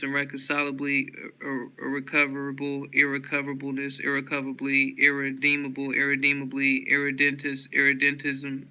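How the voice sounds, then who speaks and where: Man reading word lists in a flat drone. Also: mid-range voice, clear, resonant tone. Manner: flat word-by-word listing with stumbles. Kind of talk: reading dictionary entries aloud.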